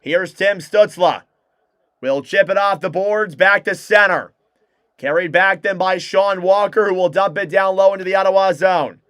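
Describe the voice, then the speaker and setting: A young man doing live hockey play-by-play commentary as a fan streamer, calling the action quickly and reacting with excitement. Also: sits high, smooth, no room sound, clean studio sound.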